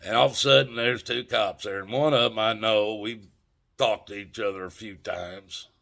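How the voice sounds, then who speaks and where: Gravelly man telling a story. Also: fairly low pitch, steady tone, moderate pace, a bit bright. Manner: folksy, emphatic, addresses viewers as folks. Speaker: channel host. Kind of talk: casual storytelling.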